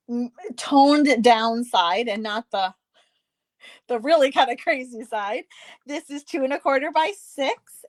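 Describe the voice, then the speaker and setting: A woman's voice: on the high side, no echo. A woman hosting a card-making tutorial, chatting casually and poking fun at herself as she works. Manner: chatty, self-deprecating, talks while working.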